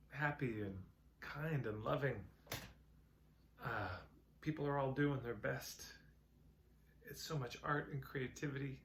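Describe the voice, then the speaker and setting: A man voicing a cheerful traveler who gushes about his old hometown, with a gravelly voice. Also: mid-range voice, slight background noise, close to an everyday voice. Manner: enthusiastic, gushing.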